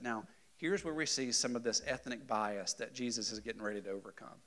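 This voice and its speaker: A man teaching a Bible study class in a conversational, animated way, often checking in with the group and rising loud for emphasis. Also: mid-range voice, fairly quick.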